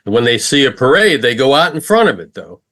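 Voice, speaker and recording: A man's voice: medium pitch, sing-song, fairly quick, fairly bright tone. A man hosting a casual podcast conversation, mostly giving short reactions and laughing asides. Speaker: podcast host.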